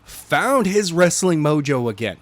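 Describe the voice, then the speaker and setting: A man's voice: on the high side, big pitch swings, unhurried, dry recording. A man co-hosting a podcast in casual chat, chiming in and finishing his partner's sentences. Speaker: podcast co-host.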